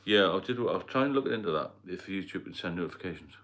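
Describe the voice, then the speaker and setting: This middle-aged livestreamer hails from Northeast England and talks in a mixed Geordie and London accent, rambling casually as he replies to comments. His low voice is a bit bright, lively in intonation, and fast.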